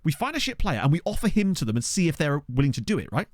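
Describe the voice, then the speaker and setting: A man's voice: on the high side, big pitch swings, rapid-fire, a crowd in the background. A man live-streaming a management game, chatting casually, thinking aloud and swearing now and then. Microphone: desk condenser microphone.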